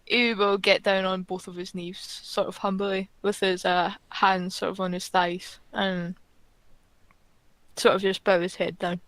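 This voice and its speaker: Flat-voiced hesitant woman player. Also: medium pitch, unhurried, no echo. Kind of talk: playing a tabletop game.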